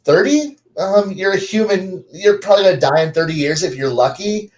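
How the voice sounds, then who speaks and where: A man playing an ancient male dragon in a tabletop game, aloof and scornful of the heroes at his feet. He talks slow and low-key, like they bore him, in a fairly high voice for a man. Dismissive, drawn-out lines. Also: expressive, low-quality recording. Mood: condescending. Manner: bored, dismissive, drawn-out speech.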